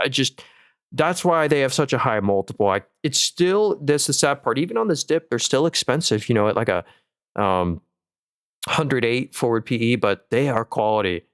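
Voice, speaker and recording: A man's voice: medium pitch, fairly bright tone, clear, resonant tone, no echo, studio quality. A young man hosting a live stock market stream, talking casually and upbeat through earnings numbers, with fillers and restarts. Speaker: stock market livestream host.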